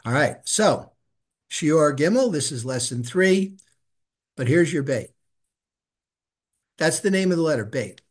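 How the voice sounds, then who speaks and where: A man's voice: fairly high pitch, lively intonation, unhurried, long pauses. Patient man teaching Hebrew letters. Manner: patient, repeats sounds for students. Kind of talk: live class instruction.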